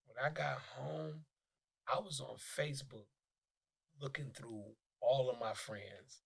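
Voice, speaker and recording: Detroit guy, husky voice, cussing a lot and restarting, podcast guest chatting. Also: mid-range voice, takes it slowly. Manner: profane, animated storytelling with many restarts. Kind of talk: casual interview chat.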